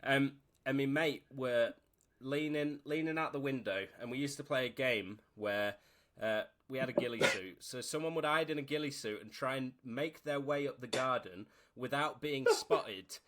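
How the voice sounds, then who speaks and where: A man's voice: medium pitch, normal speed, hardly any pauses, fairly bright tone, slight background noise. A man from Leicester, casually telling a story on a podcast, laughing as he goes. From Leicester, England. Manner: chatty, laughs while telling stories. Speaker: podcast host.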